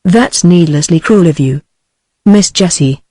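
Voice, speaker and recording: A woman's voice: fairly low pitch, measured pace, mellow, no room sound. A synthetic woman's voice with a British English accent, reading the lines of an evasive young male store clerk. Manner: hesitant, evasive.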